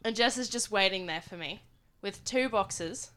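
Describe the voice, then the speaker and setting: A woman co-hosting a podcast, telling a personal story in an animated, casual way. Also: mid-range voice, moderate pace. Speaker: podcast co-host.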